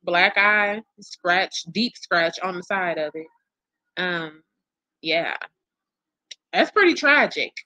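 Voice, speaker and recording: A woman's voice: fairly low pitch, lively intonation, slow pace, long pauses, pushed and bright, no echo. A woman hosting casual commentary for her viewers, blunt, profane and exasperated as she gossips. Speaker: commentary channel host.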